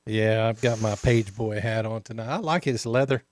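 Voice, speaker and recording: A man's voice: on the low side, normal speed, dry recording, studio quality. A man co-hosting a live talk show, easygoing and laughing along with his partner. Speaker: co-host. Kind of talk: casual live show banter.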